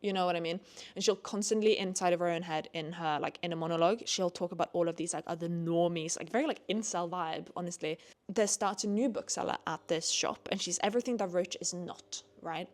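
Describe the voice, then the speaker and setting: Una giovane donna che recensisce libri in un vlog informale. Parla in modo chiacchierone, con tanti intercalari, e impreca senza problemi. Ogni tanto si lascia andare a sfoghi animati. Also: female voice, lowish voice, brisk. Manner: chatty, heavy use of "like", swears when annoyed; animated, rising into ranting bursts. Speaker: book vlogger. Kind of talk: casual book review vlog.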